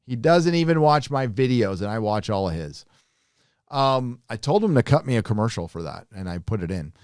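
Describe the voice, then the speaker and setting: A man's voice: mid-range voice, sing-song, normal speed, darkish tone, clear, resonant tone, dry recording, studio quality. A man hosting a live stream, reading viewer donations aloud and answering them with joking, profane, rambling asides. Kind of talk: casual live-stream chat.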